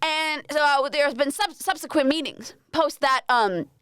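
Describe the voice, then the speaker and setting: A woman's voice: high-pitched, measured pace, fairly bright tone, no echo. A young Australian woman hosting a podcast, rambling and self-mocking, swearing freely as she chats alone. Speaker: podcast host. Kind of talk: casual solo podcast chat.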